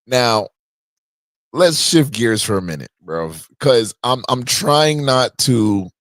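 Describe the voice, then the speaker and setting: A man's voice: mid-range voice, lively intonation, slow, a bit bright, no room sound. A man hosting a livestream podcast from a home podcast room, chatting loosely and jokingly with slang. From Canada. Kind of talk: casual livestream chat.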